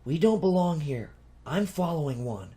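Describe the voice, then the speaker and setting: A man's voice: a little high, big pitch swings, normal speed, dark tone, voice pushed up. A man voicing a determined, blunt young woman who speaks firmly and decisively. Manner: firm and decisive.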